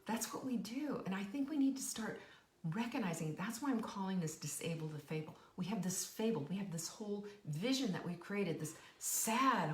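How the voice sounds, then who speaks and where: A middle-aged woman hosting a live stream, giving an emphatic, animated motivational talk and playfully acting out quoted voices. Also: mid-range voice. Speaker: host of a live cooking and nutrition show. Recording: roomy echo, voice a bit off-mic.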